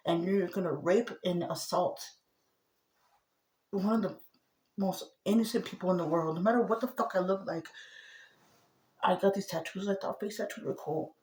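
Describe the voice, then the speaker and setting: A woman talking to the camera in a rambling personal monologue, agitated, going from a low murmur to loud outbursts. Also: normal speed, pauses often, echoey room.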